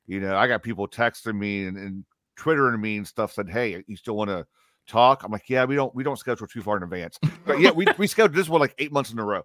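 A man's voice: lowish voice, lively intonation, quick pace, a bit bright, no echo. A man hosting a podcast in casual chat, joking and swearing with guests. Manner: joking, swears, laughs often. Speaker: podcast host.

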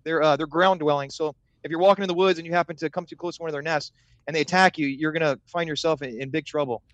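A man talking as a guest beekeeper in a casual podcast chat, pausing often with filler words. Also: on the high side, fairly even intonation, a bit bright, dry recording, highs cut off. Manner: hesitant, many filler words.

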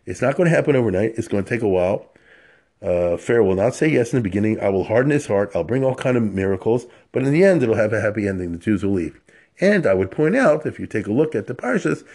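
A man with a fairly low voice teaches a Torah lesson. He talks conversationally and animatedly, asking rhetorical questions and mixing in Hebrew terms. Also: warm tone, slightly rough. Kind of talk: Torah lecture.

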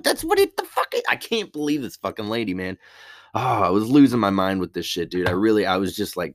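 A man's voice: sits low, very animated, fairly quick, fairly bright tone, no room sound, studio quality. A man on a casual, rambling rant, heated and swearing heavily.

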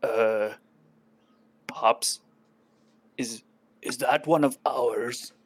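A man voicing a dim, soft-hearted male goblin who stammers and pleads, in a tabletop game. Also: medium pitch, very slow, breathy edge, pitched below the performer's own voice. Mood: puzzled.

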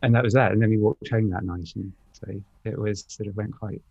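A man with an upper-class English accent, telling personal stories in a candid, reflective chat, with many pauses and fillers. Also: on the low side, steady tone, creaky, darkish tone, muffled recording. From United Kingdom. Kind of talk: casual chat, storytelling.

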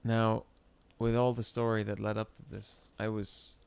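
A man telling a story in casual chat, animated and often breaking into laughter. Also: lowish voice, moderate pace, vocal fry, smooth.

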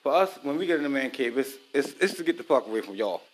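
A man's voice: medium pitch, big pitch swings, quick pace. Profane married man chatting while cooking. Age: adult, married. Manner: loose, profane, talks straight to viewers. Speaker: vlogger. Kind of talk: casual chat while cooking.

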